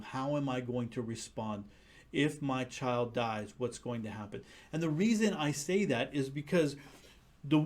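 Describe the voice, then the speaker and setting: Male pastor, slightly higher voice, earnest conversational sermon delivery. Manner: earnest, conversational preaching with frequent restarts.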